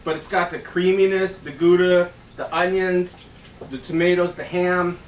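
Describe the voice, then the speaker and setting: A man's voice: high voice, steady tone, normal speed, lo-fi sound, slight background noise. A man giving a casual cooking demo in his home kitchen, joking around and swearing freely. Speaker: home cook. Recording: echoey room, mic at a distance.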